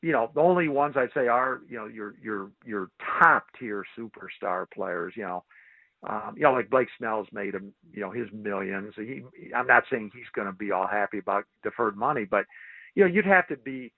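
A man's voice: on the low side, expressive, moderate pace, breathy edge, dry recording. A male sportswriter, a guest on a phone call, talking casually and rambling with lots of fillers and restarts. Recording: tinny phone line.

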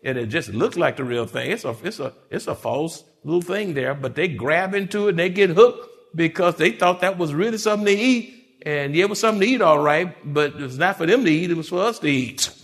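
A male pastor delivers a sermon in a high, swooping voice that climbs and drops all over the place. He repeats phrases for emphasis and slips into mocking voices of whiny churchgoers. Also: a little fast. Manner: animated preaching with repetitions and acted-out voices.

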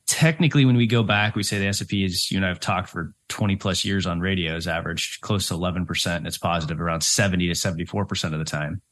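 A man's voice: sits low, steady tone, quick pace, hardly any pauses, a bit bright. A middle-aged man, a financial planner co-hosting a radio show, who explains things step by step and checks in with "right?". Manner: explains step by step, with many ums and "right?" asides.

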